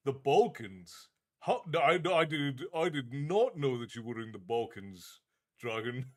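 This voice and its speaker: A medium-pitched man runs a livestream as a tavern keeper, casually chatting and reading viewer comments. His tone is friendly and easygoing, with lots of restarts.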